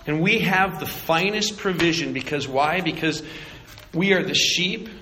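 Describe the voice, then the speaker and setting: A man preaching a sermon, animated and acting out little voices and jokes. He grew up in Arizona. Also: fairly high pitch, measured pace, big-room sound, a little hiss or hum. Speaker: pastor.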